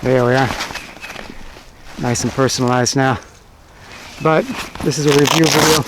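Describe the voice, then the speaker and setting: Man, casual gear review, plain-spoken, middle pitch, noisy outdoor recording. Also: normal speed. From United States. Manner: relaxed, plain-spoken, lists items one by one. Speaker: bushcraft channel host.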